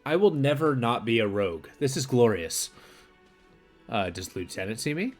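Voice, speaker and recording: Animated, laughing male streamer. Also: mid-range voice, normal speed, soft background music. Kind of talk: casual game-stream commentary.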